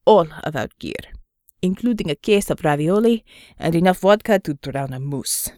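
A woman's voice: on the low side, animated, moderate pace, a little mellow, dry recording, voice pushed down, lightly acted. A woman doing a weary, dry male leader. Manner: dry, exasperated.

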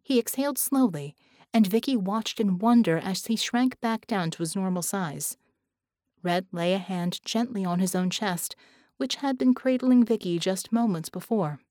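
Reading from a script, a woman narrates an audiobook with calm, even pacing and a medium-pitched voice. The audio is studio quality, with no room sound at all.

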